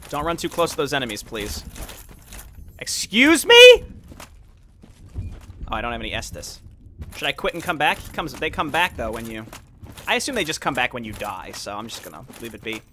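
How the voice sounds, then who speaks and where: A man hosting a let's play, chatting wryly as he plays with sudden excited yelps. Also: mid-range voice, fast, a little hiss or hum. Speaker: gaming video host.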